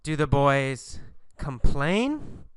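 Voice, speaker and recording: A man's voice: medium pitch, clean tone, dry recording, studio quality. A man teaching an English lesson through questions and answers about a story, speaking emphatically. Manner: slow, emphatic teacher delivery with lively intonation.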